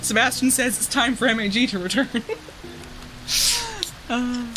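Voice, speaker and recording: A woman's voice: a little high, fairly even intonation, measured pace, music in the background. A woman streaming a video game from home, chatting casually and giggling as she talks to her viewers and her pets. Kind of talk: casual live-stream chatter while playing.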